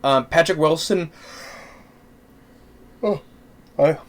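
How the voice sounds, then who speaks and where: A man's voice: fairly high pitch, slow. A man giving a casual spoken movie review, rambling with many fillers and restarts.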